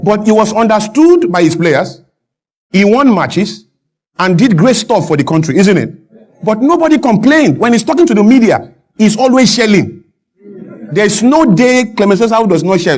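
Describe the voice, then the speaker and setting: A man, a guest speaking emphatically on a talk show and building to loud, animated peaks. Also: high voice, normal speed. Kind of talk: impassioned talk-show discussion.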